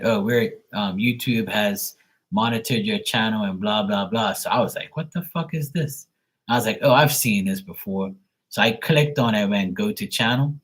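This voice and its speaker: A man with a low, husky voice tells stories from his stream in loose, rambling chat. He swears freely and mocks the trolls, often breaking into laughter. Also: a bit bright. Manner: profane, mocking, laughs often. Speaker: livestream host.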